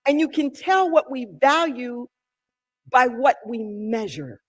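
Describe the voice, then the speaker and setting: A minister preaching a sermon with emphatic delivery, drawn-out key words and sudden loud calls. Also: mid-range voice, animated. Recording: long reverb in a large hall.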